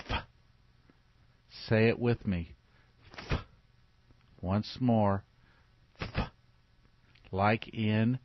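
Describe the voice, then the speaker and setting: A man with a fairly low voice teaches kids letter sounds, patient and repetitive, having them repeat after him. The audio is dull and lo-fi, with no room sound at all.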